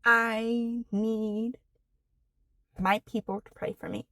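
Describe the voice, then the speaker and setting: A woman in her forties speaks candidly about her own life on a personal vlog. She talks slowly and haltingly, full of pauses and fillers, in a somewhat high voice. The sound is dry and close. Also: fairly even intonation, pushed and bright, dry recording. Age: 40s. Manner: slow, halting, with many fillers and restarts; earnest, candid, emotional. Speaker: vlogger.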